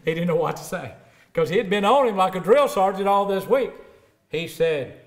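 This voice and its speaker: A middle-aged preacher, his voice sitting a touch higher than most men's. He swells loud and emphatic when he quotes scripture, then sinks low and quiet to tell a story. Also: big pitch swings, unhurried, long pauses. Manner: rises emphatic for scripture, drops low and soft for stories. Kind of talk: sermon.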